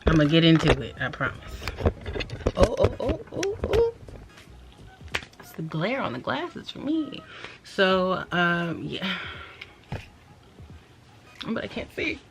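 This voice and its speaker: A woman's voice: lowish voice, very animated, unhurried, gravelly, pauses often, music in the background. A young woman vlogging casually to a camera propped up at home, chatty, scattered and apologetic as she talks. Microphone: camera propped up nearby. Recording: noisy home recording.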